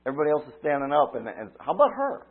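Husky-voiced preacher on a tinny line. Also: male voice, fairly high pitch, wildly swooping pitch, rapid-fire. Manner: dramatic storytelling, shifts from loud cries to quiet asides. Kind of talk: sermon.

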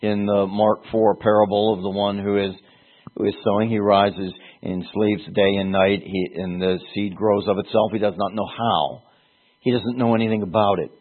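Male preacher, low husky voice, slow and earnest, heard over a thin phone-like line. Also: fairly even intonation. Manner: earnest, halting, repeats words for emphasis. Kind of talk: sermon. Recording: tinny phone-like sound.

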